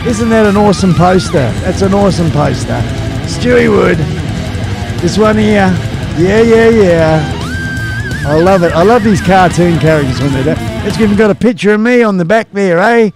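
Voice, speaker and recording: A man's voice: sits high, animated, moderate pace, vocal fry, music in the background. A man with an Australian accent hosting a casual live stream, chatting in a rambling way with plenty of fillers.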